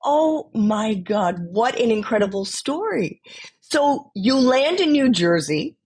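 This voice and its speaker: Slow-speaking husky woman host. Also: a little high, big pitch swings, darkish tone. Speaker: interview host. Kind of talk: interview.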